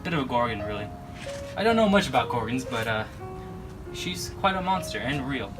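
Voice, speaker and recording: A man's voice: medium pitch, sing-song, poor audio. A young man, a student, reading his part in a school scene with frequent fillers and restarts. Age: teens. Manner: halting line reading with fillers. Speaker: student actor playing Jack Worthing. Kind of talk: amateur school video skit. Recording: loud background music.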